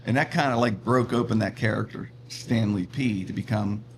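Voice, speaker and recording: A middle-aged man, telling stories in a podcast interview, animated and often laughing. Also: lowish voice, moderate pace, crowd noise. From Pittsburgh, USA. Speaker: comedian and radio personality guest. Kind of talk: casual storytelling interview.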